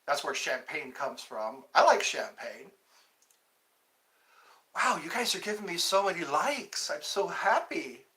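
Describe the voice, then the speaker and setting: A man's voice: fairly high pitch, very animated, a little slow, bright, forceful tone, poor audio. A man hosting a casual live stream, chatting in a rambling, self-interrupting way. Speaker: livestream host.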